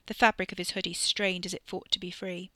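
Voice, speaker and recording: Sex: woman. Style: scripted narration. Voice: bright. Mic: close, dry. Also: on the low side, level tone, brisk, dry recording. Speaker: audiobook narrator.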